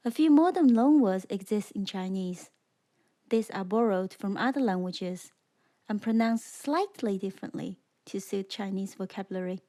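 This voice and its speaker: A woman narrating a scripted beginner language lesson, speaking slowly and clearly and demonstrating sounds for the listener to repeat. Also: medium pitch, mellow. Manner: slow, clear, demonstrating tones. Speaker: language teacher.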